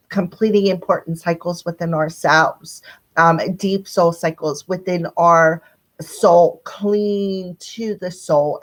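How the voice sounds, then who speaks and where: Woman, squeaky voice, chatty live-stream tarot reader talking right to her viewers. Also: poor audio. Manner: chatty, talks straight to viewers. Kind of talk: casual live-stream card reading.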